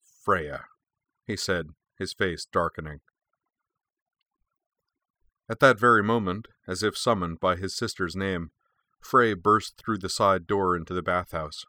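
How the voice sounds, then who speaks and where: A man narrating an audiobook in a measured, expressive reading. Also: low voice, no echo, clean studio sound.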